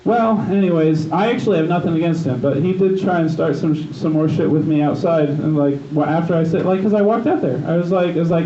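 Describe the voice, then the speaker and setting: A man with a slightly higher, mellow voice tells a rambling, profane stand-up story, stumbling through restarts and asides. He is picked up from a distance in an echoey room, and the sound is a little dull, with faint room noise behind him. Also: fast talker, few pauses. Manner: rambling, profane, loses his thread with many restarts. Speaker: stand-up comedian. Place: open mic night in a gym bar.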